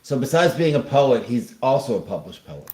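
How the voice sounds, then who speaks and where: A man's voice: medium pitch, sing-song, normal speed, warm tone, reverberant, rough recording. A man co-hosting a casual online show, joking and making puns. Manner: playful, punning. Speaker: co-host. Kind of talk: casual chat.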